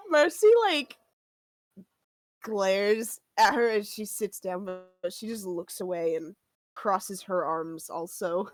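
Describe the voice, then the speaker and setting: A woman's voice: medium pitch, slow pace, no echo. A woman playing a tabletop game, speaking casually and laughing easily. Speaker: player.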